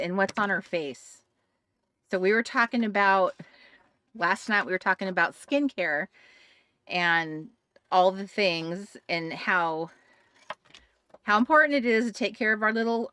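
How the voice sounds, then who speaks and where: A woman's voice: mid-range voice, animated, measured pace, a bit bright, clean tone. A woman with a Boston accent hosting a casual crafting livestream, talking to viewers in the chat with frequent laughs and restarts. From New England, United States. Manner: chatty, laughs often, many restarts and asides to chat viewers.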